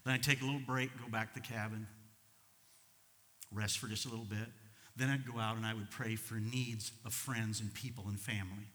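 A middle-aged American man preaching a sermon as pastor, swinging between loud fervent passages and quiet low asides. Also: steady tone, a little fast. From United States. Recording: long reverb of a large hall.

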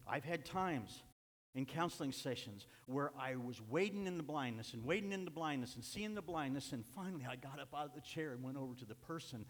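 A man preaching a sermon, swinging between impassioned shouts and hushed, quiet stretches. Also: mid-range voice, animated, brisk. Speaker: pastor. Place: church sanctuary. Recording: echoey hall reverb.

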